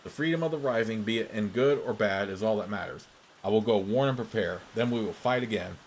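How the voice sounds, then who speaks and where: A man voicing a defiant female rebel soldier who speaks in a calm, cold way, read aloud from a game. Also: fairly low pitch, fairly quick, slight background noise, lightly acted, poor audio. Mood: calm defiance.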